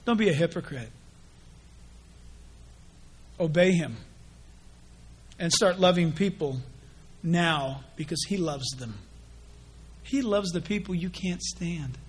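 A male pastor preaching a sermon in an animated way, acting out gossips and people praying in quick quoted voices. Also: on the high side, breathy edge.

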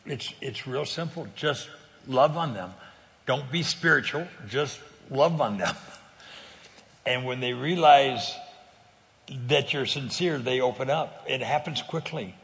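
A man's voice: medium pitch, a little slow, gravelly, a bit bright, long reverb tail. An older man from California telling faith stories in an earnest, conversational way, often repeating words and laughing easily. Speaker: guest speaker on faith sharing. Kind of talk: conversational testimony.

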